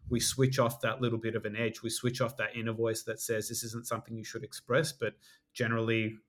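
A man who works as a life coach, speaking as a podcast guest in a measured, reflective way with many "you know" fillers. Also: medium pitch, monotone, fairly bright tone. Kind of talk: reflective interview talk.

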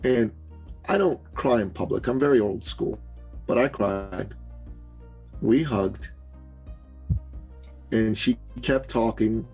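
A man from Canada, a business coach, telling an animated story as a podcast guest and acting out the voices of the people he quotes. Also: on the low side, slow, pauses often, husky, soft background music, low-quality recording. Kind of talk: storytelling interview.

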